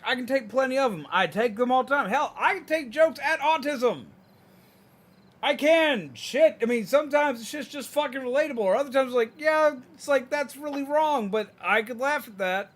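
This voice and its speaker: A man's voice: very high-pitched, brisk. A young man streaming a game who rants frankly, swears freely, and mocks people in put-on voices. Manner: animated ranting, mimicking people in mocking voices. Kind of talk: casual livestream rant while gaming.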